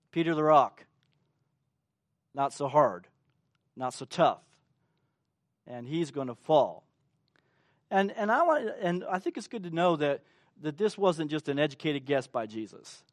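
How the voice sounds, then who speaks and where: Male pastor, sermon, slow measured delivery, dry recording, acts out quotes. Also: a little high, no echo. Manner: animated, acts out quotes, asks the congregation questions.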